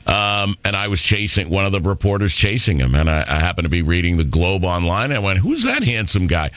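Talking fast in a low, fairly bright, clear and resonant voice, a middle-aged talk radio host rambles through a brash, sarcastic, opinionated monologue. The studio microphone recording is dry.

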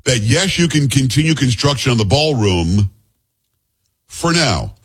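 A man hosting a radio talk show, telling stories in a joking, animated way and mimicking other people's voices. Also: mid-range voice, measured pace, slightly rough. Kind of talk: casual talk radio banter.

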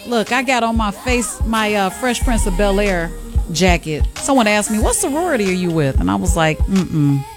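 A woman hosting an afternoon radio show, telling stories in an animated, emphatic way. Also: mid-range voice, normal speed, over music. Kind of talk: casual radio chat.

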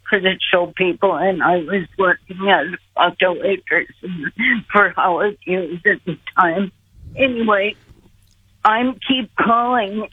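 An older woman guest telling a personal story slowly and earnestly over the phone. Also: medium pitch, husky. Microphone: telephone. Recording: tinny phone line.

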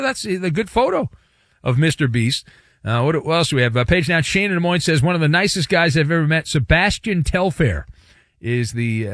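A man hosting sports talk radio, giving quick wry opinions and reading listener answers. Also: a little high, fairly bright tone, no echo, studio quality. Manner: wry, sarcastic quips.

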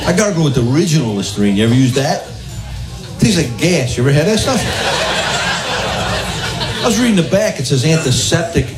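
A man's voice: a little high, very animated, brisk, long pauses, loud music behind the voice. A man doing a stand-up comedy set in a club, talking conversationally and asking the crowd questions. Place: comedy club with a laughing audience. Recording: echoey live club recording with loud crowd.

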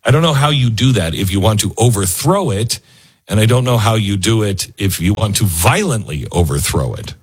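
A man hosting a talk radio show, musing and thinking aloud with pauses as he reads and comments before taking calls. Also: on the low side, lively intonation, husky.

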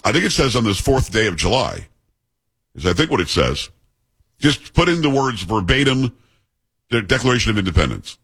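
Animated husky radio host. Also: male voice, lowish voice, moderate pace, long pauses. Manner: animated, emphatic, joking. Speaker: radio talk show host. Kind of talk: casual talk radio banter.

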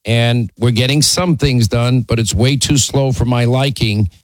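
A man's voice: mid-range voice, a little slow, no room sound, rough recording. Firm, plainspoken male radio host. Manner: plainspoken, firm, repeats himself when making a point. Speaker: radio talk show host. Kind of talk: call-in talk radio.

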